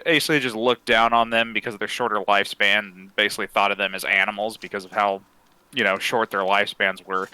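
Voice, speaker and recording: Bright-voiced man pitching his character. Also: clean tone, dry recording, low-quality recording. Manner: laid-back, laughs often, many fillers. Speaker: player. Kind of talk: casual character introduction at a tabletop game.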